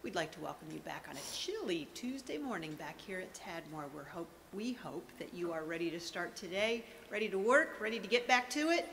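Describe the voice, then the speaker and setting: A woman's voice: fairly low pitch, sing-song, a little fast, few pauses, fairly bright tone. A middle-aged woman hosting morning school announcements in an upbeat, chatty, encouraging way. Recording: reverberant room with faint noise.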